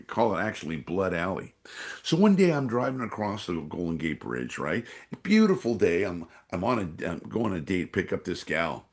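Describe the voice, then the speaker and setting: A man from San Francisco, a podcast guest and energy awareness trainer, rambling with many fillers as he acts out voices in his stories. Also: on the low side. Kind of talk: podcast interview storytelling.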